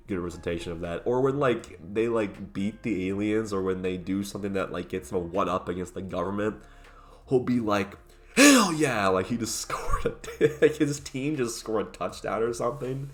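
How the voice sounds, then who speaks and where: A man's voice: low-pitched, brisk, hardly any pauses. A man giving a casual, rambling movie review, full of "like" and "uh" fillers and the odd swear word.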